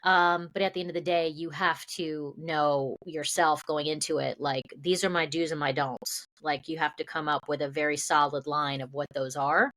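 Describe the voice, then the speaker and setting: Southern-raised actress guest, low voice, earnest and reflective. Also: female voice, level tone, moderate pace, few pauses, a bit bright. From American South. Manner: earnest, reflective, many "you know" fillers. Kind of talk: casual interview chat.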